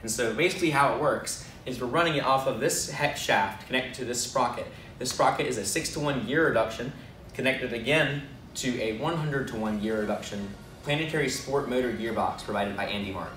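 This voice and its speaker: A man casually walking through how his team's robot works, in a self-deprecating, relaxed way. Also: mid-range voice, brisk, slight background noise. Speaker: robotics team member. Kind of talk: casual technical walkthrough. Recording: echoey room, mic far off, music behind.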